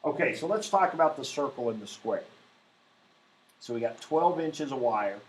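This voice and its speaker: A male math teacher lecturing his class in a casual, meandering way, stressing key words and filling pauses with "um" and "you know". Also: medium pitch, animated. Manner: informal, many fillers, emphatic stresses. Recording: echoey classroom.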